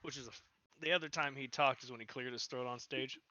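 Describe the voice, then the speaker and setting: A man's voice: medium pitch, fairly even intonation, fast, sharp tone, muffled recording. A man co-hosting a podcast, casually recapping a movie with lots of laughter and profanity. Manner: laughing, profane, acting out quotes. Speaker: podcast co-host.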